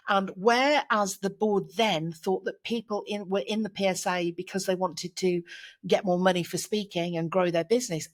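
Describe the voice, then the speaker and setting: A woman guest on a podcast, a keynote speaker telling stories warmly and laughing easily. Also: mid-range voice. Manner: warm storytelling, laughs easily. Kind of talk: casual interview chat.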